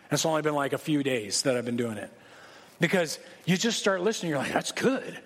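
Pastor, man, high voice, casual joking sermon, long hall reverb. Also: animated, quick pace, fairly bright tone. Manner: conversational, joking, emphatic preaching.

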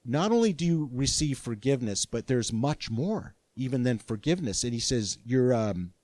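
An older man preaching a sermon as pastor, earnest and animated, with frequent restarts. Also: medium pitch, moderate pace, no room sound.

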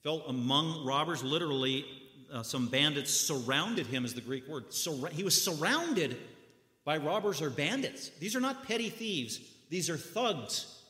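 Bright-voiced preacher in an echoey hall. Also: male voice, fairly high pitch, lively intonation, unhurried. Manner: dramatic storytelling with sudden loud bursts and hushed drops. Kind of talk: sermon.

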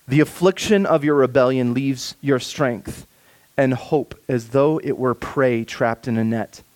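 A man preaching a sermon, reading scripture slowly and softly, then rising for emphasis. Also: medium pitch. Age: adult with children. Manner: expressive preaching, slows and softens for scripture, rises for emphasis. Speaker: pastor.

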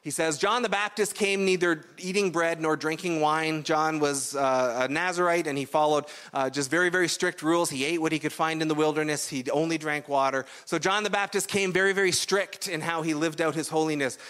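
Higher-voiced man preaching conversationally. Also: steady tone, fairly quick, few pauses, a bit bright, smooth. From Canada. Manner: conversational, explanatory preaching with frequent "right?" asides. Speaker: pastor. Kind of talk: sermon.

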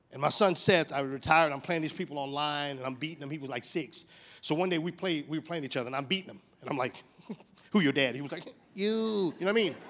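A man of fifty preaching a sermon, telling stories with big swings in pitch and loudness. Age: 50s. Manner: animated storytelling with wide swings in pitch and volume.

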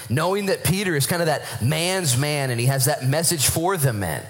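A man's voice: on the high side, normal speed. A male pastor preaching a sermon and telling stories with acted-out quotes. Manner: animated storytelling with acted-out quotes.

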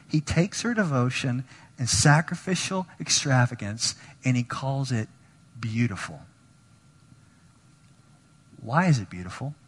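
A man preaching a sermon as pastor, animated, acting out quoted voices and dropping to near whispers. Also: mid-range voice, unhurried, husky, long reverb tail.

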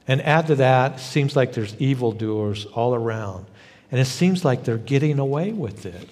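A man's voice: medium pitch, animated, moderate pace, a little mellow, long reverb tail. A man pastor preaching a sermon in a conversational way, rising into emphatic bursts. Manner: conversational, emphatic bursts, frequent "you know".

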